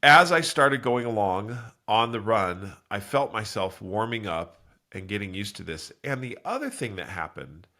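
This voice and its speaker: A man hosts his own motivational podcast while congested from a cold. His fairly low voice has a bright edge, and his pitch rises and falls in lively swoops. He rambles earnestly, stops to correct himself, and jumps way up in pitch when he acts out what people say. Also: moderate pace. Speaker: podcast host. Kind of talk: solo motivational talk.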